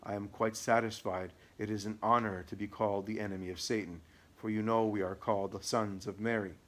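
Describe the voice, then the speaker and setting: A man's voice: fairly low pitch, little pitch movement, brisk, natural voice. A man reading the part of a stern, commanding exorcist priest in an audiobook. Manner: firm, commanding.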